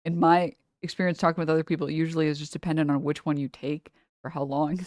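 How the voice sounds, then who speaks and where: A woman livestreamer chatting casually with her viewers and reading chat, rambling and animated, laughing often and swearing freely. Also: low-pitched, fast, no echo, clean studio sound.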